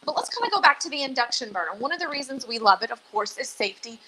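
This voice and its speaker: A woman's voice: high voice, animated, very fast, bright, forceful tone, slight background noise, low-quality recording. Chatty woman hosting a cooking stream. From Louisiana. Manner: chatty and self-deprecating, nervous but upbeat. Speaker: dietitian hosting a live cooking show. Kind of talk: live-streamed cooking demonstration.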